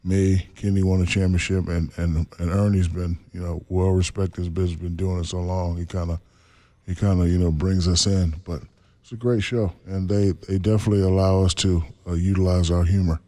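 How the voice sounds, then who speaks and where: A man in his forties, a former basketball center, telling stories in a relaxed interview and laughing often. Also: low voice, a little fast. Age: 40s. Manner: laid-back, laughs often, acts out quotes. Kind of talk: casual storytelling interview.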